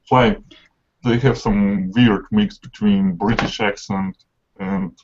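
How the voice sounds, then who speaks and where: A man's voice: lowish voice, fairly even intonation, slow, slight background noise. A man from Russia, a student in an online English class, giving brief wry replies. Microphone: video call. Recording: lo-fi video call audio.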